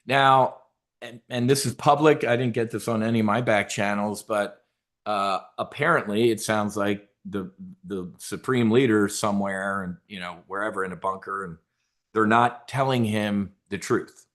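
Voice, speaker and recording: In casual market commentary, a trading-show host speaks at normal speed in a fairly low, slightly bright voice. He rambles, repeats many words and keeps turning aside to address his viewers.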